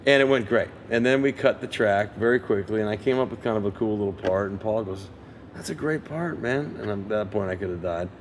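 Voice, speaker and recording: A lower-pitched man in his sixties tells a studio story as an interview guest. He talks in a lively way and slips into other people's voices when he quotes them. A faint hum of the room sits behind him. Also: fast, hardly any pauses. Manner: lively raconteur who acts out others' lines. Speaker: interview guest, session guitarist. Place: museum interview set.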